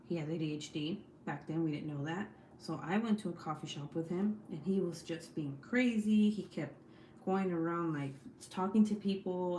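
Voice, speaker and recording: A woman's voice: fairly low pitch, warm tone. Profane, chatty woman livestreamer in an echoey room. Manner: blunt, profane and talkative. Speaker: livestream host. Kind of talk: casual chat with live viewers. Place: home, at night. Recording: echoey room with faint background noise.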